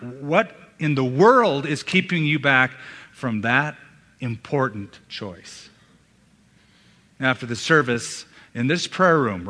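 A male pastor preaching a sermon in a church, emphatic, with dramatic pauses and hushed drops. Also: fairly high pitch. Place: church sanctuary. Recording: long hall reverb.

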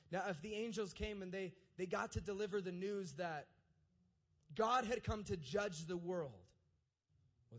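Young man preaching a casual sermon. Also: high voice. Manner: conversational, keeps asking "right?" to the audience. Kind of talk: casual sermon with scripture reading.

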